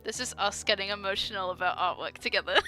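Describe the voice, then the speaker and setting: A woman's voice: mid-range voice, quick pace, sharp tone, faint music behind. A young woman chatting casually while drawing on stream, rambling with many fillers and frequent laughs, gushing about art. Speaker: artist streamer.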